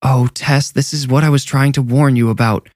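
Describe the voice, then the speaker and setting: A man's voice: medium pitch, steady tone, moderate pace, a little mellow, no echo, studio quality, voice pushed up, close to an everyday voice. A man voicing a middle-aged orphanage headmistress who pleads urgently and tenderly through a door. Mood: pleading.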